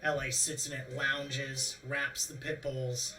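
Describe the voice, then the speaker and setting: A man's voice: medium pitch, little pitch movement, slow pace. A man narrating as game master of a tabletop game, in a loose, rambling way full of fillers. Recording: distant mic with music behind.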